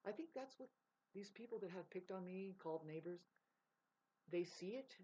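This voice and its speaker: A woman's voice: medium pitch, animated, normal speed, mellow, breathy edge. A woman vlogging in a rambling, profane casual monologue, laughing mid-sentence. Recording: dull lo-fi sound.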